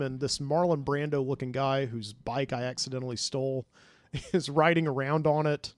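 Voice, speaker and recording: A man's voice: mid-range voice, a bit bright, dry recording. A man hosting a podcast, telling a dream story in a rambling way with many fillers, recorded in a studio. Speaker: podcast host.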